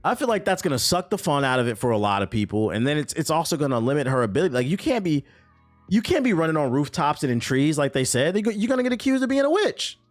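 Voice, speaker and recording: A man's voice: mid-range voice, fast, soft background music. A man streaming about gaming news, ranting and joking with lots of swearing and sarcasm. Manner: animated, swearing, sarcastic, laughs often. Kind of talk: casual profane reaction rant.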